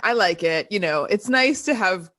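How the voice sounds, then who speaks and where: A woman co-hosting a casual podcast, talking loosely and poking fun at her own chaos. Her voice sits at an ordinary pitch for a woman, and she laughs easily between rambling stories. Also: lively intonation, moderate pace, fairly bright tone. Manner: chatty, self-mocking, laughs often. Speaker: podcast co-host. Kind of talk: casual chat.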